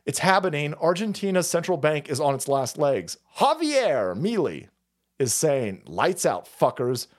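A man rants through political commentary in a high, very animated voice that swoops up and down. He curses freely, laughs often and pushes his lines hard, like a host riffing alone on his show. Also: unhurried. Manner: loud, profane, laughs often, swings pitch wildly. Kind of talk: profane ranting commentary.

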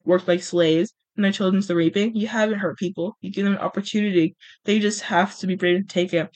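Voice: medium pitch, fairly even intonation, a little fast, a little mellow, lightly acted. Brief: a podcast reader doing a fierce young hunter, urgent and pressing. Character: intense young male hunter, rebellious.

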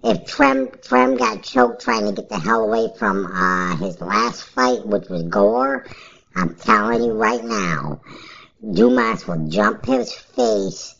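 A woman's voice: medium pitch, big pitch swings, slow pace, creaky, a bit bright, dull audio. A woman podcast host giving casual, rambling fantasy sports picks in a blunt, offhand way, with some profanity.

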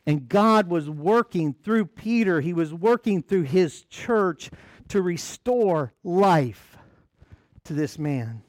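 A man's voice: high voice, expressive, slow, darkish tone, no echo. A man from the United States preaching a sermon as pastor, telling a story with chuckling asides.

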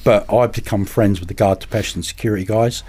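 A man, a podcast guest and carp angler, telling anecdotes in a lively way and acting out the voices of people in them. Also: lowish voice, a little fast, slightly rough. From England. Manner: animated, acts out other people's voices in anecdotes. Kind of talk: casual storytelling.

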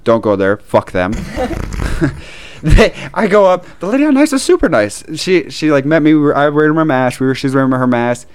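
A man with a Midwestern American accent, telling a long story as a podcast co-host in a casual chat, animated and full of swearing and laughs. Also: on the high side, a little fast, a little hiss or hum. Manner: animated, profane ranting with frequent laughs.

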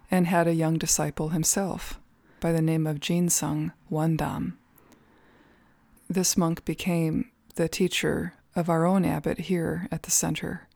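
Woman narrator for a podcast story, calm and measured, lowish voice, dry close mic. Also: vocal fry, no echo. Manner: calm, measured, with soft fillers. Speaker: storyteller at a Zen center.

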